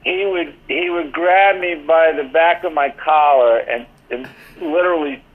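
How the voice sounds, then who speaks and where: A man with a voice on the high side speaks at a measured pace. He's an older interview guest, once a team athletic trainer and now an author, spinning rambling anecdotes sprinkled with "you know" over a tinny phone connection.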